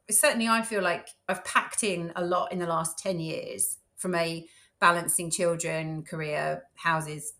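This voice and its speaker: A woman's voice: fairly low pitch, a bit bright. A middle-aged woman, a podcast guest, chatting casually and acting out little quotes as she tells stories. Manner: chatty, storytelling with acted-out quotes.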